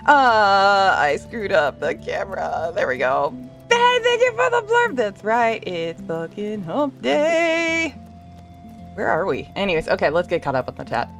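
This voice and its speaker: A woman's voice: mid-range voice, huge pitch swings, moderate pace, soft background music. A woman live-streaming a game, chatting with viewers and reading chat aloud, bubbly, laughing often and swearing freely. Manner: reads chat messages aloud.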